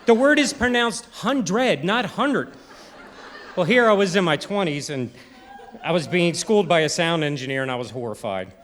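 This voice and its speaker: A man's voice: a little high, expressive, brisk, fairly bright tone. Baltimore-accented man telling funny stories on stage. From Maryland, USA. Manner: storytelling, imitates other people's voices and accents. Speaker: presentation speaker. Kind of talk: humorous timed stage talk. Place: arts center stage before a live audience.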